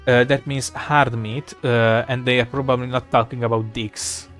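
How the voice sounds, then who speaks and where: A man talking casually and thinking out loud, in an irreverent, profanity-laced ramble. His voice sits at an ordinary middle pitch. Soft music plays faintly in the background. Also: flat delivery, normal speed. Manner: rambling, irreverent, swears, looks things up aloud.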